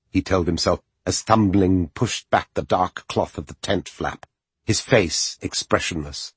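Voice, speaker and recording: A man reading an audiobook as its narrator, in expressive, measured storytelling. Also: sits low, slightly rough, no echo.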